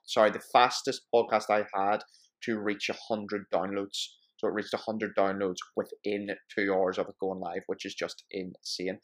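A male podcast host talks in an easygoing, chatty way, joking and correcting himself as he goes. His voice sits somewhat low. He runs through his plugs informally. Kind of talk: casual podcast chat.

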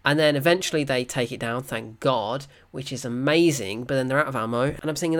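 A reviewer, recapping a film in an excited, animated way, laughing and swearing often. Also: mid-range voice, a little fast, few pauses.

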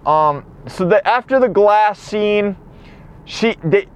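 A man's voice: sits high, lively intonation, slow, clean tone. A man hosting a podcast, recapping a film in a rambling, profane monologue while he drives. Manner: rambling, profane, acts out lines. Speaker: podcast host. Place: car while driving.

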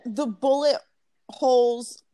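A woman's voice: on the high side, fairly even intonation, takes it slowly, mellow, no room sound. A woman co-hosting a casual podcast, reacting and chiming in with short questions. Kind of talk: casual chat.

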